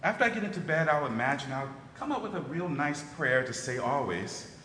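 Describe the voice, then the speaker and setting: A man's voice: on the high side, expressive, brisk, a bit bright, a little hiss or hum. A man reading aloud as an eager, imaginative orphan girl, dreamy and gushing, in a church. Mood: cheerful. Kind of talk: dramatic reading in a service. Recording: roomy hall with long reverb.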